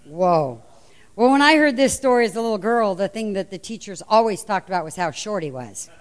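A middle-aged woman preaching a sermon, telling the story with lively, acted-out voices. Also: mid-range voice, brisk.

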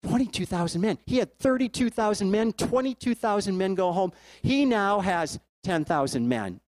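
A man's voice: sits high, expressive, normal speed, a little mellow, no echo. A man preaching a sermon, retelling a Bible story and putting questions to his listeners.

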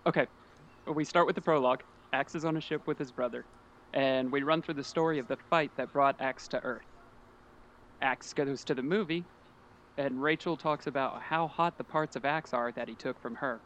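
A man co-hosting a casual podcast, recapping a book's plot quickly and dropping wry asides. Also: medium pitch, a bit bright, a little hiss or hum. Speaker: podcast co-host summarizing a book.

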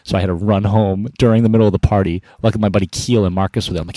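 A podcast guest who founded an inspiration business tells stories in a casual interview. He talks fast and energetically in a fairly low voice, acting out quoted dialogue with lots of animation, and there's no echo.

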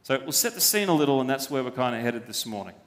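A man's voice: medium pitch, animated, fast talker. A man preaching a sermon as pastor, speaking emphatically and posing rhetorical questions to the congregation. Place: church. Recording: long hall reverb.

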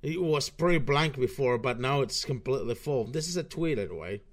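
A man's voice: mid-range voice, animated, a little fast. A young man ranting through online commentary over a screen recording, profane and sarcastic, often restarting his sentences.

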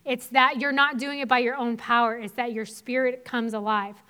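A woman's voice: on the high side, little pitch movement, moderate pace, pushed and bright, clear, resonant tone. A young adult woman giving a sermon in a casual, conversational way, with frequent fillers. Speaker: pastor's wife preaching.

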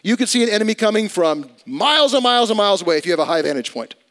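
Pastor guy, high-ish voice, preaches casual but gets loud then real quiet. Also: very animated, racing. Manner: conversational preaching with dramatic swings in volume and pitch. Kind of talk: sermon.

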